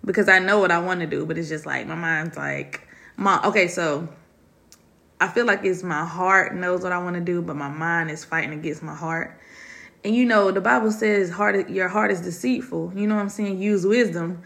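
Lowish, creaky and a bit bright, this woman's voice keeps a moderate pace. She hosts a solo podcast from her dining room, candidly confiding in her listeners and calling them y'all.

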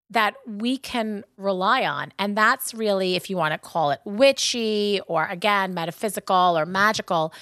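Long island lady chatting on a podcast, lively, keeps tossing in "right?", dry close sound. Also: medium pitch, no room sound. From Long Island, United States. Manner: chatty, animated, lots of "right?" and "like". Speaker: podcast co-host. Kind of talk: casual chat.

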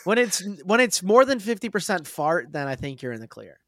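Animated, joking male podcast co-host. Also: high-pitched, brisk, a crowd in the background. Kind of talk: casual sports podcast chat.

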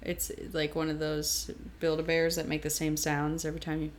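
Young woman, podcast co-host, casual chat, chatty, fillers, somewhat low pitch. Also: completely flat delivery, moderate pace, a crowd in the background. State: pregnant, hiccups.

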